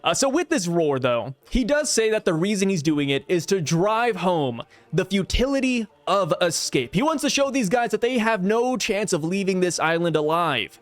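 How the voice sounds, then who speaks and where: Excitable young man with a lively high voice. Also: normal speed, few pauses, dry recording. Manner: excitable, chatty, frequent stammered restarts. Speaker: YouTube host reviewing a manga chapter. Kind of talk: casual video commentary.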